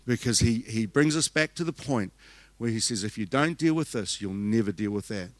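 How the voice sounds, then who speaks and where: Older New Zealand pastor preaching. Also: male voice, on the low side, expressive, normal speed, dry recording. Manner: storytelling with frequent restarts and bursts of laughter. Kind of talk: conference sermon.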